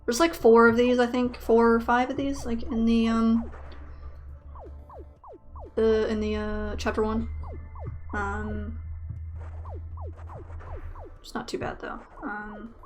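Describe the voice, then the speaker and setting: A woman's voice: fairly high pitch, level tone, slow, long pauses, soft background music. A young woman casually commentating her own speedrun, rambling with lots of fillers and self-deprecating jokes.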